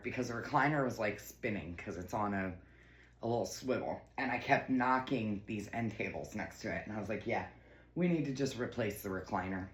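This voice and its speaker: Woman, bubbly home vlog, gushing, chatty, faint background noise. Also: normal speed. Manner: bubbly, gushing, baby-talks to her cat in a high voice. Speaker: lifestyle vlogger. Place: home kitchen and living room.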